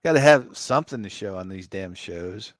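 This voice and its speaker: A man speaks in a lively voice that swings up and down, teasing his co-host wryly. The sound is dry and close, with no room around it. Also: lowish voice, normal speed, no echo. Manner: wry, teasing, reading off items. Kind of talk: casual livestream chat.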